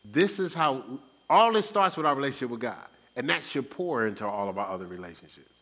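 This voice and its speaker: A man giving conversational Bible teaching, animated and acting out everyday talk. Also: medium pitch, brisk, big-room sound. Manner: animated, acts out everyday speech. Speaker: Christian teacher. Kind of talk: conversational preaching.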